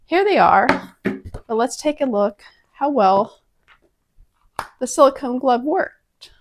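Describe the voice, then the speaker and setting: A woman's voice: high voice, lively intonation, slow, noisy background. A woman casually testing kitchen gadgets at home, chatty and prone to dramatic exclamations. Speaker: product-testing vlogger. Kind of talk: casual kitchen product review.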